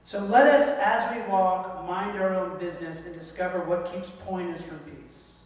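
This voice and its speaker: A man giving a joking, animated sermon in a church hall, heard from a distance. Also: high voice, normal speed. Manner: animated, joking, acts out voices in quotes. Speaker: guest speaker. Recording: echoey hall from far off.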